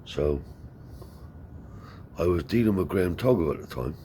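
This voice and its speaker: A man's voice: deep voice, lively intonation, normal speed, warm tone, slight background noise. A man telling a rambling anecdote in casual, profane speech, lifting his voice to act out the people he quotes. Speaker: storyteller.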